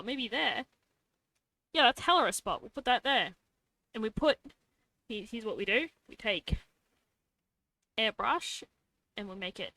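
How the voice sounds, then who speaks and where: A young woman with a bright, forceful voice chats casually while she draws on a live stream. She mutters to herself as she works and drops in playful little sound effects. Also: medium pitch.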